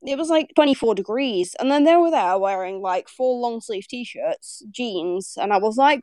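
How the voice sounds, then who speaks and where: A woman's voice: fairly high pitch, moderate pace, few pauses, dry recording. A young woman with a Northern English accent, chatting as a podcast co-host, bubbly and laughing as she tells stories. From Northern England. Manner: bubbly, laughing, animated storyteller. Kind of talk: casual chat.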